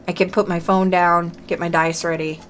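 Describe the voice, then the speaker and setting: A woman's voice: fairly low pitch, level tone, normal speed, fairly bright tone, slight background noise. A woman hosting a budgeting channel, chatting casually to camera while playing a dice game, talking to herself and counting aloud.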